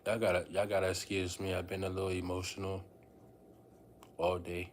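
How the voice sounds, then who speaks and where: A man with a somewhat low voice livestreams to his viewers in an unscripted, meandering way. He repeats himself and speaks straight to the audience. A faint background noise sits under his voice. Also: little pitch movement, moderate pace. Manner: rambling, repeats phrases, addresses viewers as y'all. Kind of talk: casual livestream talk to viewers.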